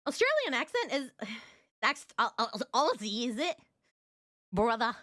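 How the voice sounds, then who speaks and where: A woman's voice: high voice, big pitch swings, unhurried, sharp tone, no echo, clean studio sound. A young woman streamer chatting casually to her viewers, gushing and rambling. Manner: gushing, rambling, talks to chat. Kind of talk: casual livestream chat.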